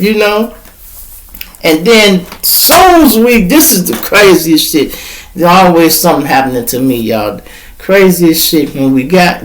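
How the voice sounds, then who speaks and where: A man's voice: medium pitch, poor audio. A middle-aged man telling a profane story as host of his show, acting out the quoted voices. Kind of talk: storytelling monologue.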